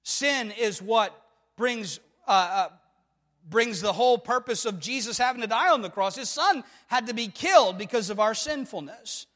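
A man's voice: high voice, expressive, moderate pace, a bit bright, in a large hall. A man preaching a sermon, emphatic and full of rhetorical questions to the congregation. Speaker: pastor.

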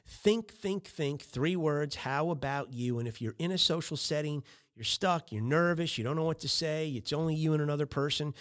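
A man's voice: fairly high pitch, normal speed. A middle-aged man hosting a podcast, giving casual coaching on small talk with lots of fillers and acted-out sample chats. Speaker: podcast host.

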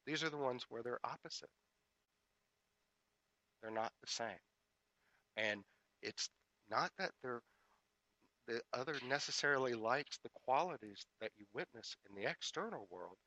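A man preaching a spiritual sermon as a minister, in a measured, repetitive cadence that builds to emphatic rises when he tells a story. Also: medium pitch, animated, sharp tone, rough recording.

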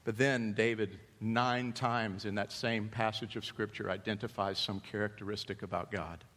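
Animated preacher in an echoing hall. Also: male voice, fairly low pitch, moderate pace. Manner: animated storytelling preacher, swings between loud and hushed. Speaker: pastor. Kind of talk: sermon. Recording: long hall reverb.

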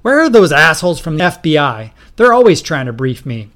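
A man doing a bossy raging president in a storybook reading, loud, pitched up, barking orders. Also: big pitch swings, fairly quick. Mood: angry. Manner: shouting, ranting. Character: blustering irate male president, bossy.

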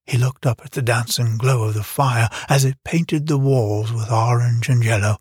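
A man narrating an audiobook in a measured, even storytelling manner. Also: mid-range voice, husky, dry recording, studio quality. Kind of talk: scripted narration.

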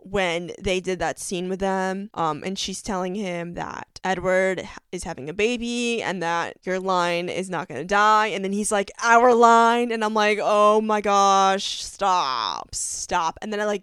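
A woman's voice: mid-range voice, a bit bright, clean tone, no room sound, studio quality. A young woman hosting a casual solo podcast, talking in a gushing, enthusiastic way with lots of fillers. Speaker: podcast host.

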